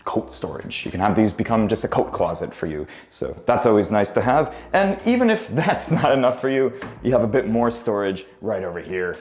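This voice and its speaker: A man's voice: lowish voice, darkish tone. A man hosting a property tour vlog, walking through rooms and streets in an upbeat, chatty, joking manner. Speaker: real estate tour host. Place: on location, indoors and outdoors.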